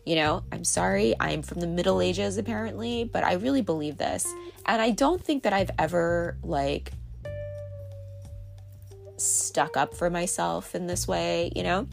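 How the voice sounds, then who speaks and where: Woman podcast host, low gravelly voice, candid rambling confessional chat with faint music under it. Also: unhurried. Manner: rambling, candid, filler-heavy with frequent laughs. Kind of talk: casual confessional monologue. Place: on a boat.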